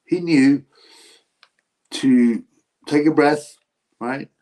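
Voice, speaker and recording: A man's voice: fairly high pitch, very slow, warm tone, rough recording. A man hosting a casual boxing livestream, reading chat and giving blunt, mocking opinions.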